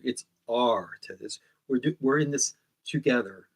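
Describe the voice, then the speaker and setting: Rambling bright-voiced comic host. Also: male voice, medium pitch, a little slow. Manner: rambling, self-correcting, sidetracked. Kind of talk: rambling comedic monologue.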